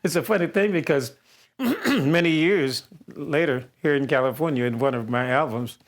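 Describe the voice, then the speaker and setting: A man's voice: a little high, expressive, normal speed. Older man telling stories, chuckling. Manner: chuckles often while telling anecdotes. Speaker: singer being interviewed. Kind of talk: storytelling interview.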